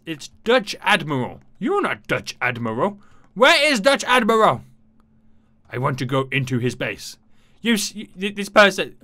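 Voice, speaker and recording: A man chats excitedly through a video game, talking straight to his viewers. His voice leaps around with a lively, animated swing and has a bright, forceful edge. The sound is dry and close, with no room around it. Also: sits high, no echo. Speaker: gaming YouTuber. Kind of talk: gameplay commentary.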